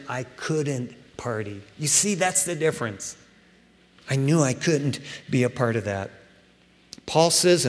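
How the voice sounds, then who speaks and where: A man preaching a sermon to his church, animated and conversational, acting out scripture scenes in everyday slang. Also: on the high side. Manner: animated preaching, acts out biblical dialogue in casual slang. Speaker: pastor. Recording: long reverb of a large room.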